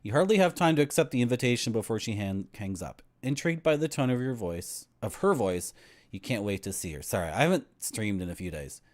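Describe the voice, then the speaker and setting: A man's voice: lowish voice, brisk. A man streaming a game, ranting casually and reading the game's text aloud. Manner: ranting, lively.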